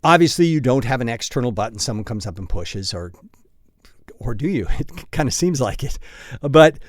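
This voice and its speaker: A man hosts his own podcast, talking in a blunt, profane, self-mocking way and breaking into chuckles along the way. His voice sits at an ordinary middle pitch, and it is recorded close and dry with almost no room sound. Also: animated, moderate pace, no room sound. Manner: self-deprecating storyteller. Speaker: podcast host. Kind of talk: casual solo podcast monologue.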